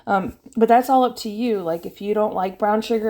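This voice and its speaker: A woman's voice: mid-range voice, a little slow, a little mellow. A young woman talking casually over her meal prep video, chatty and rambling, with frequent fillers and laughs. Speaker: vlogger.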